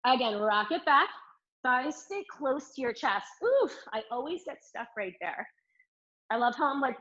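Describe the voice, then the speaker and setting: A woman's voice: sits high, very animated, a little slow, fairly bright tone, muffled recording. A woman teaching a live Pilates mat class, giving upbeat, encouraging cues and counting reps while a little out of breath from demonstrating. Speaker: Pilates instructor. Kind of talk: live online fitness class cueing.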